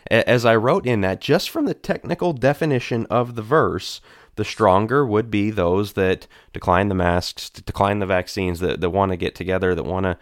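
A man's voice: fairly low pitch, no echo, studio quality. A man on a church discussion panel, explaining Bible passages earnestly, with frequent restarts.

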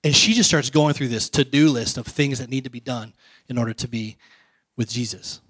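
A male pastor giving a conversational sermon, asking the congregation questions and dropping to soft, quiet lines. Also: medium pitch, brisk, slightly rough, no echo.

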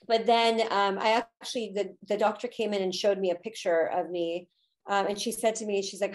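A woman's voice: medium pitch, fairly even intonation, a little fast. Candid, emotional woman telling her story. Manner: candid and emotional, with frequent fillers. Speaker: podcast guest, spiritual teacher. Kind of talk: personal story in a podcast interview.

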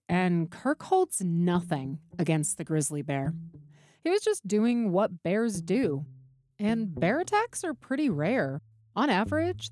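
A woman's voice: lowish voice, darkish tone. A woman hosting and narrating a true story and putting questions to her guest. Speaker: podcast host and narrator. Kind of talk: scripted narration with interview questions.

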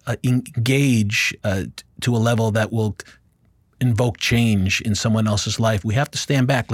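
A man's voice: medium pitch, dry recording. A man with a Brooklyn accent hosting a faith podcast, chatty and enthusiastic, with a lot of fillers. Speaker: podcast host. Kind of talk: casual interview chat.

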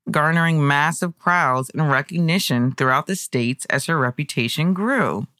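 A podcast host narrating history in a conversational way, breaking into excited personal asides. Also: medium pitch, no echo, studio quality.

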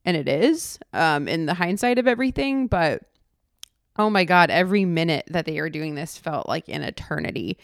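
A woman's voice: fairly low pitch, animated, moderate pace, dry recording, studio quality. A young woman telling her birth story in a casual, emotional way, full of fillers and restarts. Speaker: podcast host. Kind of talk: personal storytelling.

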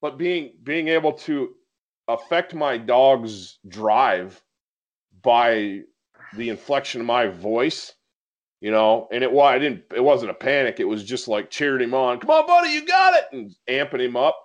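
A man hosting a podcast, telling a story in casual conversation and getting animated as he recounts it. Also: mid-range voice, measured pace. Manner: animated storyteller, gets excited recounting events. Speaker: podcast host.

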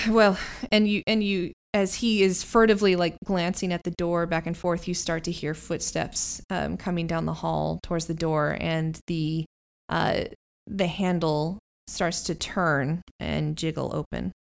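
A woman running a tabletop game as game master, with chatty, halting narration. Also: fairly low pitch, fairly even intonation, creaky.

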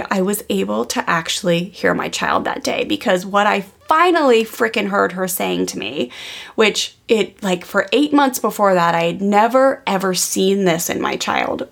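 A woman's voice: medium pitch, moderate pace, vocal fry, fairly bright tone. A woman in her thirties, a podcast host, telling a personal parenting story in a candid, casual way with many fillers.

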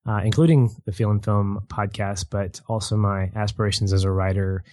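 A man's voice: lowish voice, fairly even intonation, moderate pace, a little mellow, no echo. A man chatting as a guest on a film podcast, rambling with restarts and easy laughs. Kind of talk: casual film podcast chat.

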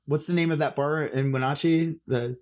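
A man's voice: fairly high pitch, fairly even intonation, normal speed. A musician, a man, chatting as an interview guest, rambling with lots of fillers and restarts. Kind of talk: casual interview chat.

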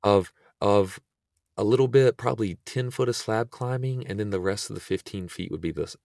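A young man, a podcast guest, retelling an experience in a relaxed, casual way full of fillers. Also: fairly low pitch, fairly quick, gravelly, dry recording, studio quality. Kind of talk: casual storytelling.

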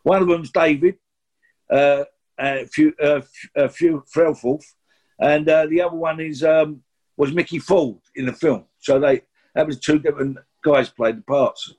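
A man's voice: on the high side, steady tone, measured pace, darkish tone. A man in his sixties with a London accent, telling rambling, chatty stories in an interview, full of restarts and asides. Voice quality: husky. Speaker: guest actor. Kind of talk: anecdotal interview storytelling.

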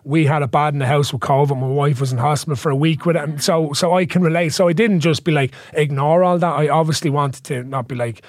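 An Irish man with a slightly raised pitch chats as a podcast guest, spinning animated, jokey anecdotes. He stumbles and restarts lines often, and his voice is recorded dry and close. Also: fast, hardly any pauses, no room sound. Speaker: comedian and author guest. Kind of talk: casual storytelling chat.

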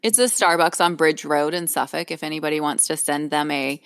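A woman's voice: sits low, fairly even intonation, brisk, few pauses, dry recording, clean studio sound. A middle-aged woman co-hosting a podcast, telling a story in casual chat, laughing often and acting out what others said. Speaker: podcast co-host.

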